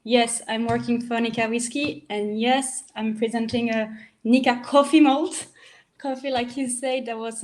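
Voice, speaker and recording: Brand rep: French-accented woman, higher voice, relaxed and informative, on a video call. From France. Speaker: whisky brand representative. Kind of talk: casual explanation.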